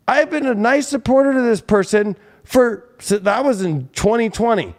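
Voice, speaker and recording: A man's voice: extremely high pitch, animated, normal speed, hardly any pauses. A man hosting a tarot and astrology livestream, ranting at his viewers in an angry, heated, profane way. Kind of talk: livestream rant.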